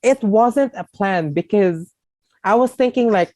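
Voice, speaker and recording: A tearful woman from the Philippines shares her story as a podcast guest, halting and full of fillers. Her voice sits mellow and warm, recorded dry and close. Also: mid-range voice, no echo, rough recording. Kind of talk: emotional personal story.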